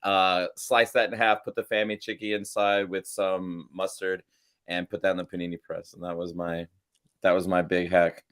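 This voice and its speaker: रैम्बलिंग अंदाज़ में बात करता पुरुष पॉडकास्ट होस्ट. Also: male voice, sits low, level tone, normal speed, a bit bright. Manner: rambling, self-amused storytelling. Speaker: podcast co-host. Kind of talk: casual chat.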